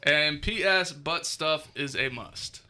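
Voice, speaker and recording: A man with a very bright, slightly high voice hosts a loose, joking podcast chat. He talks casually and breaks into laughter often. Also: slow pace. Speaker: podcast host.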